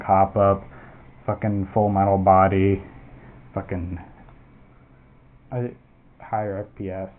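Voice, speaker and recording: Tinny, low-voiced man rambling about gear. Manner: rambling and profane, with frequent restarts. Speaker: airsoft gear reviewer. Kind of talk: casual product demo. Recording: tinny phone-like audio with faint noise.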